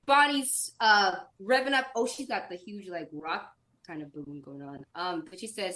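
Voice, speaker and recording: A woman's voice: medium pitch, animated, normal speed, a bit bright, rough recording. A woman guesting on a podcast, recapping a comic chapter in casual chat, chatty and giggly as she acts out lines.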